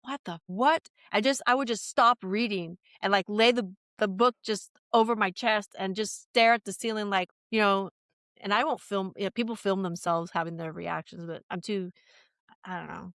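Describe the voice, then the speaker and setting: A woman chatting on a podcast, telling stories in a rambling, animated way with many restarts. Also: medium pitch, moderate pace, dry recording, studio quality. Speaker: podcast guest. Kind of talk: casual podcast chat.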